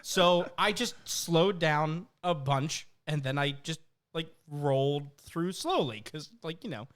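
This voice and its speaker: A man's voice: a little high, lively intonation, slow, a bit bright. A man from New Jersey, co-hosting a podcast and telling a story in casual, profanity-laced chat. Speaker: podcast co-host.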